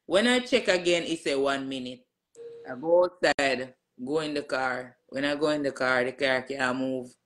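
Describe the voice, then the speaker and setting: A woman's voice: extremely low pitch, moderate pace. A middle-aged woman telling her pastor what happened to her, in an emphatic way and acting out what people said. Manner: emphatic storyteller who re-enacts dialogue with many "I said". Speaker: church member giving a testimony to her pastor. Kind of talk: casual spoken testimony.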